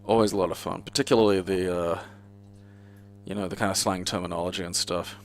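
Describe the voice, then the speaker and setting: Low-voiced, sardonic Australian man streaming. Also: steady tone, quick pace, slight background noise. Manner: rambling, profane, sardonic. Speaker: gaming streamer. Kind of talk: casual gameplay commentary.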